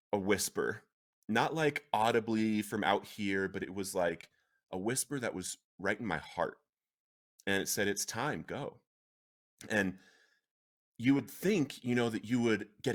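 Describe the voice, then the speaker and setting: A man in his thirties, a podcast guest, earnestly telling his personal recovery story with animated, emotional delivery and laughs at the dramatic turns. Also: medium pitch.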